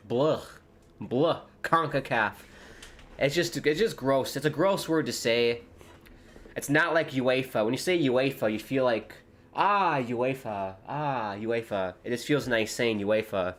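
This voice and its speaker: A man in the middle of the male pitch range chats his way through a live football match from home. He jokes around and reads viewer comments aloud, then turns loud and excited whenever a shot nearly goes in. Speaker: streamer hosting a football watchalong. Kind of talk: casual live commentary and chat. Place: home with dogs nearby.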